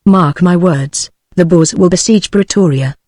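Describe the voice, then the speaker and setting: A text-to-speech woman's voice with a British accent, voicing a brisk, commanding elderly uncle in a novel. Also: fairly low pitch, mellow, dry recording, studio quality. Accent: British English. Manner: bustling, commanding.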